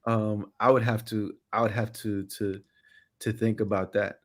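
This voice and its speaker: A man's voice: lowish voice, flat delivery, unhurried. A middle-aged man speaking as a podcast guest in casual chat, passionate, repeating phrases for emphasis.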